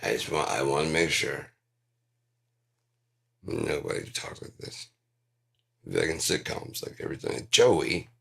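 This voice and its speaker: A man's voice: rumbling low, lively intonation, measured pace, vocal fry, long pauses, fairly bright tone, breathy edge. A man rambling through a profane monologue, jumping between topics and mimicking other voices.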